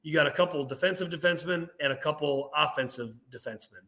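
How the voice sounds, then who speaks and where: A young man co-hosting a casual sports podcast, ranting with animated energy and laughing at himself. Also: fairly high pitch, fast. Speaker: podcast co-host.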